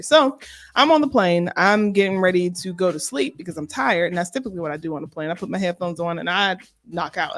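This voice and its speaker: Co-host, female, casual storyteller who acts out the dialogue with lively swings in pitch. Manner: animated, acts out dialogue in voices. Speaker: podcast co-host.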